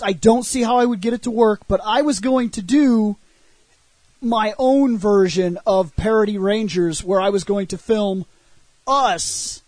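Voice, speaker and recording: A man hosting a casual podcast chat, telling stories with energy, swearing and acting out shouted lines. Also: sits high, no room sound. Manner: animated storyteller, shouts acted-out lines, laughs and swears. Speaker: show host.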